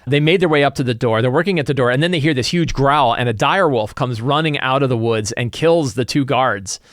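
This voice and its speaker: A man's voice: mid-range voice, brisk, dry recording, studio quality. A middle-aged man, a game master, chatting casually as he recaps his tabletop session and preps the next one. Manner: animated storyteller, loose and chatty, many fillers like "like". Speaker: game master and tabletop RPG content creator. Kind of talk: casual recap and campaign-prep chat.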